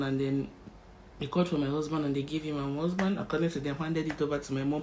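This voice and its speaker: A young Nigerian woman vlogger with a deep voice tells an emotional personal story, animated and vivid, acting out its scenes. The audio is poor with slight background noise.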